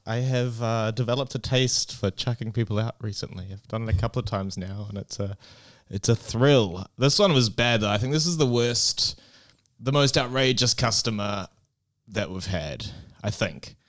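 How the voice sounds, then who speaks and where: A man in a mid-range voice co-hosts a casual conversation. He tells his story in an unhurried, rambling way, peppered with "uh" and "like". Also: mid-range voice. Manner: easygoing, rambling anecdotes with many fillers. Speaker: comedy club co-owner and podcast co-host. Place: comedy club in Barcelona.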